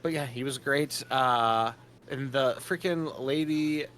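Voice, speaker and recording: A man's voice: mid-range voice, slow, fairly bright tone, a little hiss or hum. Easygoing young man, hesitant casual chat. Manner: hesitant, loose, lots of "uh". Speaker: podcast co-host.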